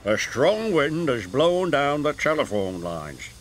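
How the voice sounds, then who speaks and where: A man's voice: medium pitch, sing-song, slow pace, slight background noise. A man voicing a stern railway boss giving serious orders in a cartoon storybook.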